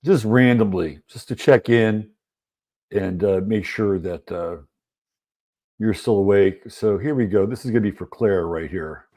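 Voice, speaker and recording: A man's voice: on the low side, a little slow, warm tone. A man hosting a casual livestream, chatting loosely and greeting viewers in the chat one by one. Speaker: livestream host.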